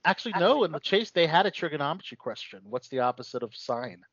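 A man's voice: fairly high pitch, sing-song, fast, a bit bright, no room sound. A man co-hosting an interview, asking questions in a joking, casual way. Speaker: podcast co-host. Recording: dry, lo-fi muffled audio.

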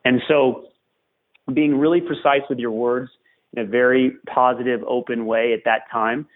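A man's voice: mid-range voice, fairly even intonation, normal speed. A man hosting a podcast conversation, talking like a coach and driving his points home by repeating them. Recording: tinny phone-like line.

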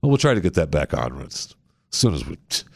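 A man's voice: a bass voice, fairly quick, gravelly, dry recording, studio quality. A man hosting a talk show, bantering and telling comic stories, acting out little scenes as he goes. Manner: animated storyteller acting out scenes.

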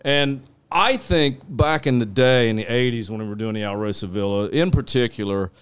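A man's voice: mid-range voice, moderate pace, smooth, dry recording. A middle-aged man telling long, rambling stories about live sound work, swearing freely and laughing at his own tales. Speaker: guest, live sound engineer. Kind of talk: casual storytelling on a podcast.

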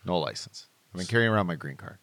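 A man's voice: low voice, animated, quick pace, fairly bright tone. A man in his late thirties co-hosting a podcast, chatting casually, rambling through stories and swearing freely. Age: 30s. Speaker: podcast co-host. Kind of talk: casual chat.

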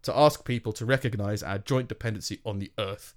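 A man's voice: on the low side, fairly quick. A man co-hosting a podcast in casual chat, sarcastic and swearing, often laughing while mocking what he reads out. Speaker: podcast co-host.

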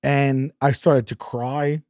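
Man, podcast guest, lively storytelling, acts out quotes, mid pitch, dry sound. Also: slow, dry recording. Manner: animated, acts out quotes, drops to a whisper. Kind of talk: casual storytelling.

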